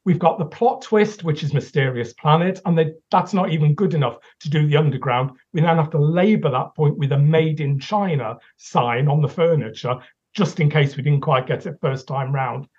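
A podcast co-host, male, critiques something with exasperated ranting and swearing in a casual talk. His voice is a little high and slightly rough, with a darkish tone at normal speed. The sound is dull and lo-fi.

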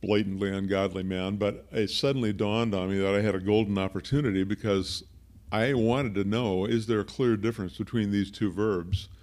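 A man's voice: lowish voice, a little mellow. A man preaching a conversational sermon as a pastor, explaining word meanings with friendly asides.

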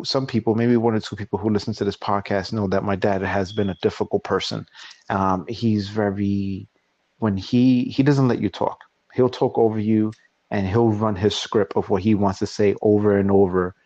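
A man's voice: fairly low pitch, darkish tone, dry recording. A man in his forties hosting a podcast, telling a personal story in casual chat and acting out both sides of a quarrel. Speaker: podcast host. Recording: dull, dry lo-fi recording.

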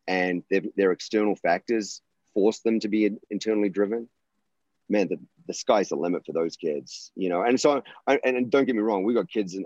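Earnest deep-voiced man coach. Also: darkish tone, no echo, lo-fi sound. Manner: earnest and passionate, frequent restarts. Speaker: college volleyball coach. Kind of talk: conversational interview storytelling.

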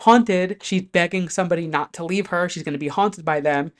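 A host with a mid-range voice talks briskly to camera about pop music in a casual, animated way. There are plenty of fillers and a bit of swearing.

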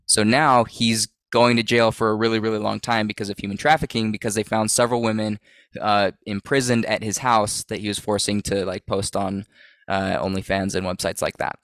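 A man's voice: lowish voice, flat delivery, fairly quick, fairly bright tone, no echo. A man co-hosting a podcast in casual chat, joking and sarcastic as he leads the segments. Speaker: podcast co-host.

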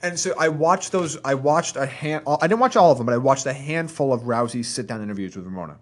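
A man co-hosting a podcast in casual chat, measured and conversational, with wry asides. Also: mid-range voice, lively intonation. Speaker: podcast co-host. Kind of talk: casual wrestling talk.

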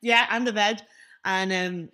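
A woman's voice: unhurried, clear, resonant tone. Young woman, podcast co-host, chatty storyteller who mimics voices. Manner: animated, acts out quoted voices with big pitch jumps. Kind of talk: casual storytelling chat.

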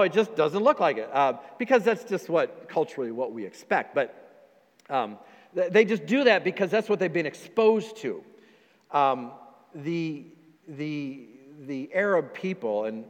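A man's voice: a little high, in a large hall. A man preaching as pastor in a conversational sermon, with frequent fillers and restarts.

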